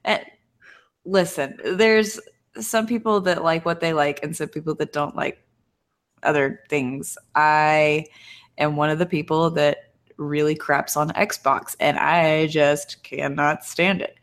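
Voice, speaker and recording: A woman's voice: low voice, fairly even intonation, slow pace. A woman guest on a casual gaming podcast, blunt and teasing, laughing between points.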